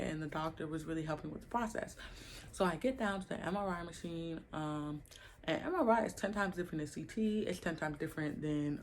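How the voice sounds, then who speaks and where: A young woman vlogging to her camera at home, casually telling her labor story with animated, slangy asides to viewers. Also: lowish voice, slight background noise.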